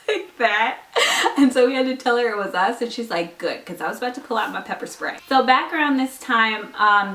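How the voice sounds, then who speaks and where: A young woman tells a story to her vlog camera, casual and giggly, packed with "likes" and "ums." Her voice is medium-pitched, bright, and forceful, and the room is echoey with the mic a bit far off.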